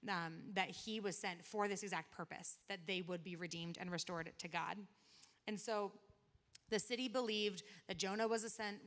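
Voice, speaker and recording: A woman gives a relaxed, conversational sermon, with a bright, forward tone. She retells old stories in everyday slang and slips into quick quoted asides as she goes. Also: mid-range voice. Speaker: preacher. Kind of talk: casual sermon.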